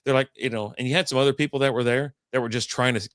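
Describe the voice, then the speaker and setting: A man's voice: medium pitch, fairly even intonation, quick pace, a bit bright, no room sound, studio quality. A man hosting a casual chat, telling a rambling, profane story and acting out the people in it. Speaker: podcast host.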